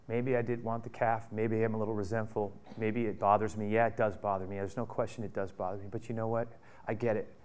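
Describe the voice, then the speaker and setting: A man voicing an older son who is haltingly confessing his resentment to his father in a soft, repentant way. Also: medium pitch, natural voice.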